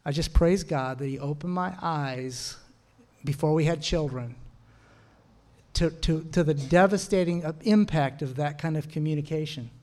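Lively middle-aged man teaching and telling stories. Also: fairly high pitch. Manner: storytelling with quick laughs, punchy asides. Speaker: Christian marriage teacher. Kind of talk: sermon-like teaching talk.

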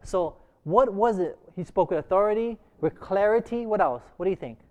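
Man teaching a church class, quick back-and-forth questions, somewhat high pitch. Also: highs cut off. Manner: asks the group many short questions. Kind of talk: interactive church class discussion.

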